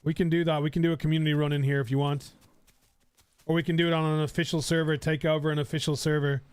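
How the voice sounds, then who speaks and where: A man's voice: fairly high pitch, level tone, fast talker, clean tone, dry recording. A young man with an Irish accent, chatting casually and rambling while streaming a game. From Ireland. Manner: rambling, chatty, swears casually, frequent fillers. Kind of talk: casual live-stream chat while gaming.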